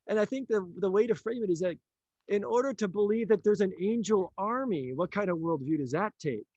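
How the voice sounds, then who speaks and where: A man telling a story in a casual conversation, animated, acting out the lines of the people in it and laughing often. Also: sits high, a little fast, no room sound, muffled recording. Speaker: author and teacher.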